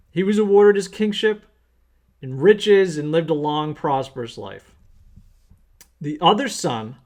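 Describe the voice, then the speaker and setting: A man's voice: fairly high pitch, a little mellow. A man who works as an accountant, teaching small business owners through an earnest, plain-spoken story. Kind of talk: storytelling lesson.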